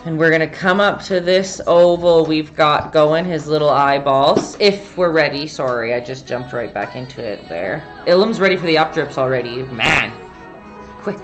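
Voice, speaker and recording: Soft background music accompanies a low-voiced woman talking at normal speed. She hosts a relaxed painting tutorial stream, chatting, reading comments aloud, and stopping partway through sentences.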